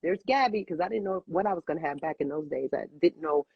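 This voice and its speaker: Husky woman telling her story, repeating for emphasis. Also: low-pitched, fast, no echo, dull audio. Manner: expressive, repeats phrases for emphasis. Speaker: cigar bar owner and guest. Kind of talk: emotional personal storytelling.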